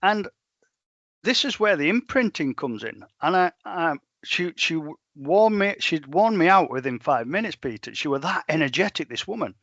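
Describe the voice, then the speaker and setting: A middle-aged man, a dog trainer telling stories in a plain-spoken, animated way. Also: on the high side, normal speed, no room sound, dull audio. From England. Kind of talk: storytelling in a podcast interview.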